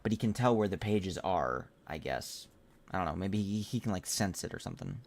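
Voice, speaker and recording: A male streamer talks casually over a game, thinking aloud and often restarting his sentences. His voice sits somewhat low. The tone stays loose and conversational. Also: animated, fairly quick, darkish tone, a little hiss or hum. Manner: hesitant, thinking aloud, self-correcting.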